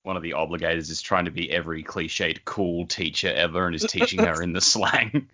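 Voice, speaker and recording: A man's voice: low-pitched, brisk, bright, forceful tone, dull audio. A man co-hosting a book-club podcast, giving wry, opinionated takes on the characters. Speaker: podcast co-host. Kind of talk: casual book-club chat.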